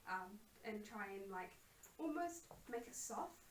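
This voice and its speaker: A woman poet reading her poem softly and measuredly, then chatting about her writing. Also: mid-range voice, expressive. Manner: soft measured recitation. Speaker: guest poet. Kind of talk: poetry reading and casual chat. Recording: roomy, distant mic, faint hiss.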